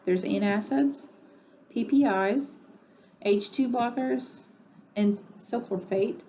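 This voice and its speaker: Woman, pharmacy instructor, mellow tone, recorded lecture at home, filler-heavy delivery, muffled lo-fi sound, faint background noise. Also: mid-range voice, takes it slowly. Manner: conversational, many ums and uhs. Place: home room. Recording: dull lo-fi audio with faint noise.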